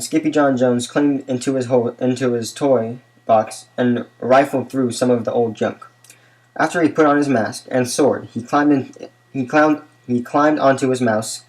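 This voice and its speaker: Brief: man narrating a kids' picture book, steady and unhurried. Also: mid-range voice, poor audio. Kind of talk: children's book read-aloud.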